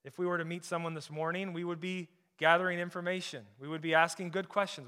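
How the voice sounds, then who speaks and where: Male pastor, sermon, bright clear voice, slightly high, emphatic then hushed. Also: flat delivery, fast, few pauses. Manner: emphatic preaching, drops to soft intensity on key points.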